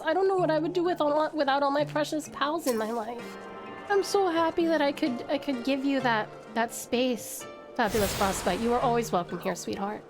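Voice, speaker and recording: A woman's voice: sits high, normal speed. A young woman streaming a game, bubbly and affectionate as she thanks her chat and curses now and then. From Tasmania, Australia. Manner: bubbly, affectionate, swears casually. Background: game music.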